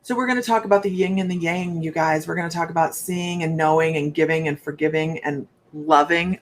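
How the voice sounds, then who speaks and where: A woman's voice: low voice, brisk, hardly any pauses, a little hiss or hum. A woman working as a psychic medium, giving a rambling, chatty live reading and talking straight to her viewers.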